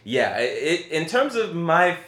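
A man's voice: fairly high pitch, sing-song, unhurried, a bit bright. A man co-hosting a podcast and reviewing a film in casual chat, hesitant, with many fillers and restarts. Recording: roomy echo.

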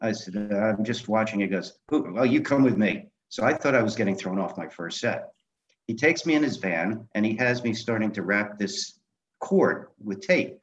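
A middle-aged man with a low, steady voice tells his stories in an animated way, jumping into the voices of the people in them. The audio is dull and slightly lo-fi, like a modest interview recording. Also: moderate pace. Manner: animated anecdotes, acting out quoted dialogue. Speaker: guest, film director and memoir author. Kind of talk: conversational storytelling interview.

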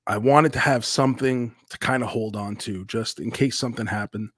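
A man talking candidly on a podcast, swearing freely and acting out quotes in a raised voice. His pitch sits in the middle for a man. The sound is dry and close, with no room around it. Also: steady tone, brisk, breathy edge, no room sound. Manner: candid and profane, swings into loud re-enacted quotes. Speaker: podcast co-host. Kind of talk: casual podcast chat.

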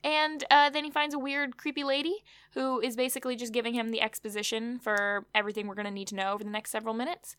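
A woman with a high voice chats about an episode, with wry asides and loose fillers. The recording is dry and close, with no room sound. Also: steady tone, quick pace, hardly any pauses, a bit bright, smooth, no echo. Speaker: podcast co-host. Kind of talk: casual TV recap chat.

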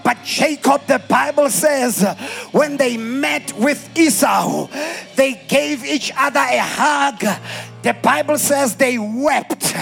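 A South African pastor delivers his sermon in a sing-song, chanting cadence, building into shouted emphasis. His voice sits very high and carries a gravelly edge, and he takes his time with each phrase. Soft music plays faintly behind him. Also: slow.

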